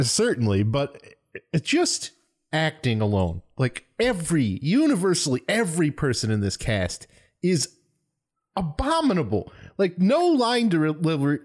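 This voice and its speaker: Exasperated man with a lively voice. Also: a little high. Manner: exasperated, swearing, emphatic. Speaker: podcast co-host. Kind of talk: casual movie-review chat.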